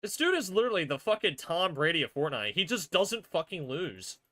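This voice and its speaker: A man's voice: high-pitched, very animated, fairly quick, pushed and bright. A man streaming live, reacting to a match with frustrated outbursts and heavy swearing. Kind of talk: live watch-party reaction.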